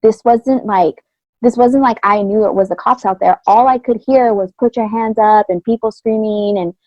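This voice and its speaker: A woman's voice: medium pitch, normal speed, a little mellow, dry recording. A woman co-hosting a podcast, candidly and earnestly retelling a personal experience in casual chat, with blunt slang. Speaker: podcast co-host. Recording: dry, slightly dull lo-fi sound.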